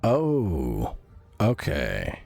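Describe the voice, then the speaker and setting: A man with a very low voice that sounds strained and roughened from yelling, chatting casually on a game stream. His pitch swings widely between remarks as he reacts aloud and answers chat. Faint game music plays behind him. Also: huge pitch swings, extremely slow, dry recording.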